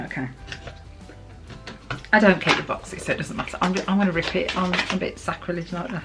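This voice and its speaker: A middle-aged English woman from the UK, chatting warmly and emotionally as she opens a parcel for her vlog. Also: fairly low pitch, fairly quick, pauses often, music in the background. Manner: chatty, gushing, emotional, laughs often. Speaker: vlogger. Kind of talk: casual chat while opening a parcel.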